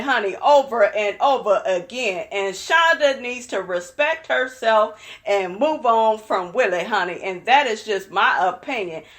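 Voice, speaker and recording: A young woman with a high voice hosts a reality show recap. She talks casually and sassily, full of strong opinions, and keeps calling her viewers "honey.". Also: fairly bright tone. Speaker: recap channel host.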